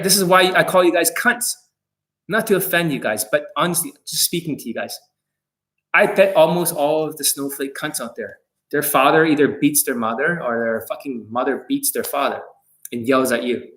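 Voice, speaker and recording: A man coaching viewers on a live stream, talking in a blunt, heavily profane, confrontational way and swinging between loud jabs and low asides. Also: low-quality recording. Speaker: dating coach livestreaming to viewers. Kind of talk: live stream rant, reading viewer comments.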